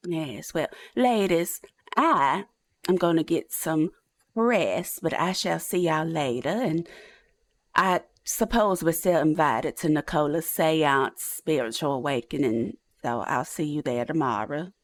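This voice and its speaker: A woman's voice: deep voice, lively intonation, a little slow. A woman voicing a bold, shameless Old West woman with drawling, old-fashioned speech in a live roleplay stream.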